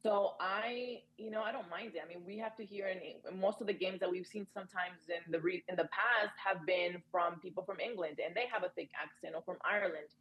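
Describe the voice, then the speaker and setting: Colombian woman, animated podcast co-host. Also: on the low side, brisk, hardly any pauses, lo-fi sound. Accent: Colombian Spanish. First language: Spanish. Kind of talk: casual panel chat.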